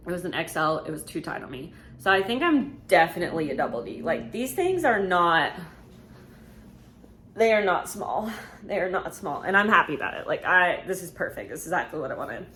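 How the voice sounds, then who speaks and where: A woman's voice: lowish voice, very animated, fast talker, hardly any pauses, pushed and bright, a little hiss or hum. Chatty woman in her twenties. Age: 20s. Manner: chatty, filler-heavy, frank. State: slightly out of breath. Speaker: vlogger. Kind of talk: casual Q&A vlog.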